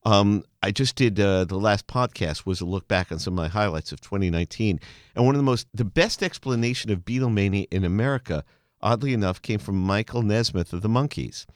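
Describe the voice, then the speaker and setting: Low-voiced male host, dry close mic. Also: dry recording. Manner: animated storyteller, enthusiastic agreement. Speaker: radio show and podcast host. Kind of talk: casual interview chat.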